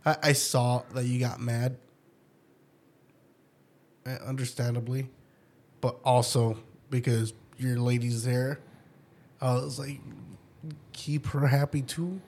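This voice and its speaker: A young man with a mid-range voice chatting easily with a friend. He is relaxed and often trips over the start of his sentences. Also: medium pitch, slow, pauses often. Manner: laid-back, stammering restarts, laughs often. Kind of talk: casual chat.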